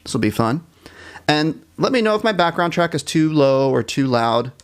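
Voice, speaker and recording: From his computer, a music teacher holds a live online jazz band lesson, counting in the players, scatting the melodies and making light of his own little mistakes in a warm, encouraging way. His smooth voice is a little high, with big pitch swings at normal speed.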